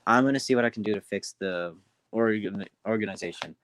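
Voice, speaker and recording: A man's voice: on the low side, fairly bright tone, no room sound, natural voice. A man playing a kind, fussy steam engine. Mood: concerned. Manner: worried, hurried, rambling.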